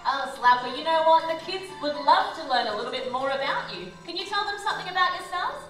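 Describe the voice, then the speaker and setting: A woman's voice: high-pitched, lively intonation, fast talker, far from the mic. A woman hosting a live children's show, playful and mock-outraged as she banters with a puppet. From Australia. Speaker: children's entertainer. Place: children's show venue indoors. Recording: echoey hall mic with music behind.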